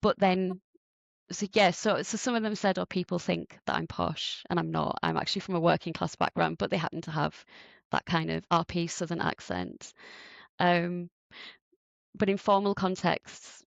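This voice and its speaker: A woman researcher calmly explaining research findings in a podcast interview. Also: lowish voice, normal speed, vocal fry, dry recording, highs cut off. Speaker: researcher guest.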